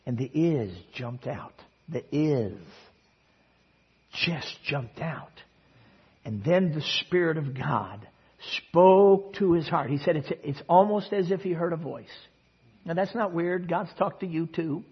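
Dramatic preacher with a husky voice. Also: male voice, on the high side, slow, lo-fi sound. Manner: storytelling with dramatic swings in loudness and pace. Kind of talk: sermon. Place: church service.

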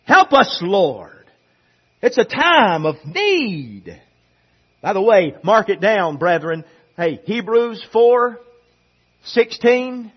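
Husky high-voiced preaching pastor. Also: male voice, sing-song, slow, muffled recording. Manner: builds from quiet asides to emphatic repeated preaching. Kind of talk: sermon. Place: church sanctuary.

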